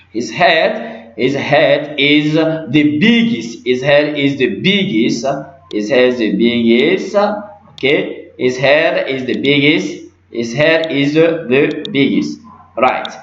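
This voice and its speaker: Slow, repetitive man teaching grammar. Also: a little high. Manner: repeats words and phrases, many fillers. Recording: dull lo-fi roomy recording.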